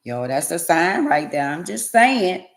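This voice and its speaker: A woman, ranting bluntly and sassily to her livestream viewers and swinging between loud and quiet. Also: fairly low pitch, sing-song, unhurried. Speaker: livestream host. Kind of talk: casual livestream rant to viewers.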